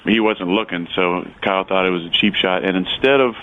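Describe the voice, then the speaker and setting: A man's voice: deep voice, fairly quick, phone-quality sound. A man, a former football player, telling a rambling football story with lots of fillers. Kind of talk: casual storytelling on radio.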